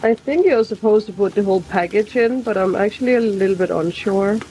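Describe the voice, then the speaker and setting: A woman's voice: medium pitch, a little fast, mellow, slight background noise, low-quality recording. A woman vlogging casually as she cooks, chatting and thinking aloud as she goes. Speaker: cooking vlogger. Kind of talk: casual cooking vlog.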